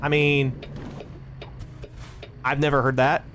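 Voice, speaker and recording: A man's voice: mid-range voice, little pitch movement, slow pace, fairly bright tone, slight background noise. A man chatting casually on a live stream while playing a game, rambling, thinking aloud and swearing freely. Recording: clear music playing behind.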